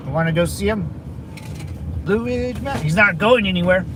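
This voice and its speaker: A man's voice: sits high, expressive, brisk, over music. Rambling man chatting while he drives. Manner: rambling, with many restarts and crude asides. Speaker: channel host chatting with viewers. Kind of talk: casual livestream chat while driving. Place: inside a car, driving around town.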